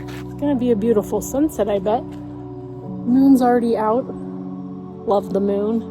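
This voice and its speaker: A young woman narrating a casual travel vlog outdoors, chatty and playful. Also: high voice. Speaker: vlogger. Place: outdoors in national parks and campground. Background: music.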